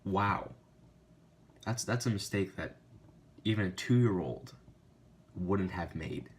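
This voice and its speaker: A man's voice: sits low, slow, a little hiss or hum. Man flubbing his lines, laughing at himself. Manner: self-mocking, stumbling over lines. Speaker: vlogger filming outtakes. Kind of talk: bloopers of a scripted advice video.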